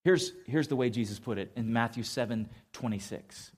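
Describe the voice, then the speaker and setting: A man's voice: mid-range voice, moderate pace, a little mellow. Casual, emphatic male pastor preaching. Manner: casual and emphatic, quizzes the audience. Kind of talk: conversational sermon.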